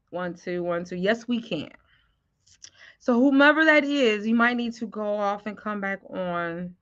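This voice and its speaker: High, bright-voiced woman trainer, animated. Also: lo-fi sound. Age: middle-aged. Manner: animated, slangy, talks straight to the viewers. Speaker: sales trainer. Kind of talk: live webinar training.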